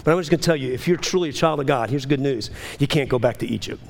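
A man preaching a sermon, swinging between urgent, rising pleas and low, quiet passages. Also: fast talker, vocal fry, slight background noise. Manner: impassioned, rising to urgent high pleas then dropping low. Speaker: pastor.

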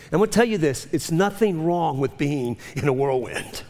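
A man in his fifties preaches an impassioned sermon, his high, gravelly voice swinging from loud cries down to hushed whispers. The sound carries a long reverb, as if from a church hall. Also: lively intonation, moderate pace. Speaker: pastor.

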